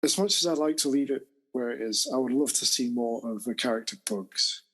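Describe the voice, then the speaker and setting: A man with a husky, slightly raspy voice talks films on a podcast. He sounds relaxed and easygoing, and he readily agrees with the others. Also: medium pitch, fairly quick. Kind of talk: casual film discussion.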